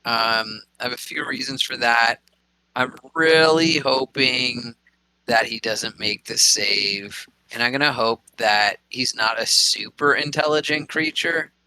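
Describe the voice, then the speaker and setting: Male player, umming while he decides, sharp bright clean tone. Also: mid-range voice, a little slow, clean tone, no echo, low-quality recording. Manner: hesitant, full of ums while deciding. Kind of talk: playing a tabletop game.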